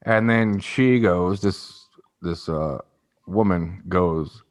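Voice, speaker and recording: A man's voice: low-pitched, drawn-out words. A man co-hosting a podcast, casually telling a rambling story and acting out the people in it. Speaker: podcast co-host.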